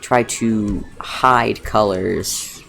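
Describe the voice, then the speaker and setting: A woman's voice: a bass voice, fairly even intonation, very slow, vocal fry, fairly bright tone, a little hiss or hum. A woman streaming from her living room couch, chatting casually and rambling as she embroiders, swearing now and then. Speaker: streamer making fursuit badges. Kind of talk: casual live-stream chat.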